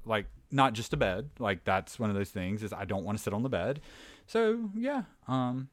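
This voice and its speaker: A man's voice: fairly low pitch, very animated, normal speed, no echo, clean studio sound. A man with a Southern American accent chatting casually, rambling through stories with lots of "like" and filler words. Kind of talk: casual chat.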